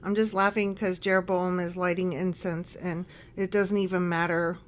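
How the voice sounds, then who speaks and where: A woman's voice: lowish voice, flat delivery, normal speed, a little hiss or hum. Joking woman reading scripture aloud. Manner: joking, swears, laughs while reading. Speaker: podcast co-host. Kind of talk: casual Bible-study chat.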